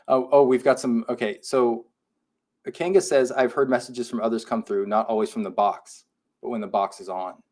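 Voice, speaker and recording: A man co-hosting a live paranormal podcast in a relaxed, chatty way. He reads out listener messages and answers them in an even, everyday voice. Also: medium pitch, normal speed. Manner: reads listener comments aloud and reacts. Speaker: podcast co-host. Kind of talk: casual live podcast chat.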